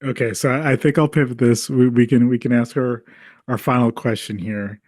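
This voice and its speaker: A man's voice: mid-range voice, steady tone, normal speed, darkish tone, no echo, studio quality. A man co-hosting a casual movie-review podcast. He jokes, is sarcastic and laughs between remarks. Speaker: podcast co-host.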